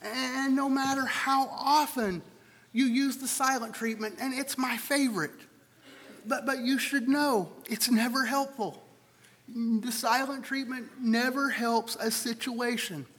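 High-voiced man preaching in a reverberant hall. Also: steady tone, measured pace, fairly bright tone, breathy edge. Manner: conversational, repeats words while thinking aloud. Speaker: pastor. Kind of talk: sermon.

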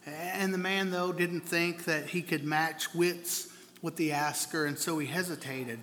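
Bright-voiced man preaching in a reverberant hall. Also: a little high, fairly even intonation, unhurried. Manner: earnest, repeats words at starts of phrases. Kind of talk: sermon. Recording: long hall reverb, faint room noise.

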